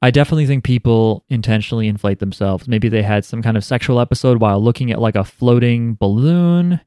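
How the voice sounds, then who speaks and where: A man's voice: mid-range voice, fast, mellow, smooth, dry recording, clean studio sound. A young man co-hosting a podcast, telling stories and teasing in casual chat. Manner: joking, teasing storyteller. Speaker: podcast co-host.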